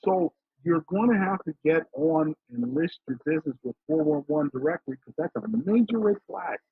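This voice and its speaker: Husky man on a tinny line. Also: a little high, animated, normal speed, dry recording. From Philadelphia, USA. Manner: emphatic, storytelling, acts out quoted dialogue. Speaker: financial consultant, guest. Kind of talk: casual interview talk. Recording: dry, tinny phone-like line.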